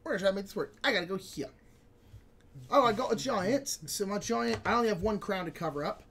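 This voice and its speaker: A man's voice: high voice, a little fast, a bit bright, a little hiss or hum. A man co-hosting a live board game stream, chatting casually, reading viewer comments aloud and explaining rules as he plays. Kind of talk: casual live-stream chat while playing.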